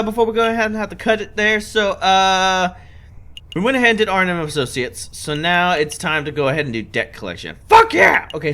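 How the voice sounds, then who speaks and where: A man's voice: sits high, pushed and bright. A young man with a sore throat chatting casually and swearing while playing a game, with many fillers. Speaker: gaming channel host. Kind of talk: casual let's play chat.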